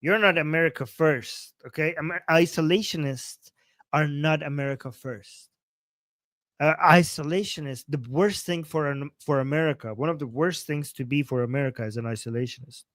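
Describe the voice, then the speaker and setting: A man's voice: a little high, moderate pace, fairly bright tone, dry recording. A man commentating on a livestream, reacting to a clip with sarcastic, exasperated rebuttals.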